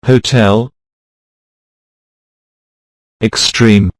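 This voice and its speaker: Slow, low-voiced male teacher, dry and close. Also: steady tone, no room sound. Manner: slow, deliberate, reads words out one by one. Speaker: pronunciation teacher. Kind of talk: scripted instructional narration.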